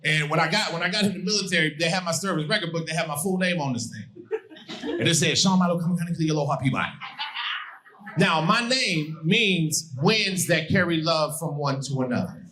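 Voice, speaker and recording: A middle-aged man from Hawaii performing animated stand-up on a comedy stage, shouting his punchlines. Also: on the high side, fairly quick, background noise. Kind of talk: stand-up routine. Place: comedy stage before a live audience. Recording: live show with loud crowd.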